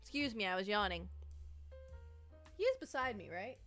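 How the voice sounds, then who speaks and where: A woman's voice: medium pitch, very animated, normal speed, fairly bright tone, faint music behind. A nervous woman streamer chatting casually, rambling and restarting her sentences, anxious and shaky. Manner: nervous, rambling, self-interrupting. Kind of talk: casual live-stream chat.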